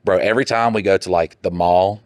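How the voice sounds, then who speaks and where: A man co-hosting a podcast in casual chat, telling animated stories, acting out the people in them, and laughing along. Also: low voice, brisk, no room sound, clean studio sound. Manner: animated storytelling with quoted voices and laughs. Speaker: podcast co-host.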